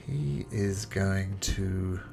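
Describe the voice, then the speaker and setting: A man narrating as game master of a tabletop game, with lively, chuckling narration. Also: low voice, extremely slow, creaky, over music.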